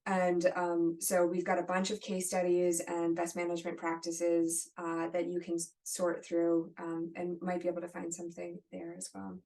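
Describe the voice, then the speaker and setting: A woman's voice: fairly low pitch, completely flat delivery, normal speed, hardly any pauses, darkish tone. Woman moderating a webinar, distant mic. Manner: conversational, friendly, apologetic asides. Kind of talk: answering audience questions. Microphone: video call.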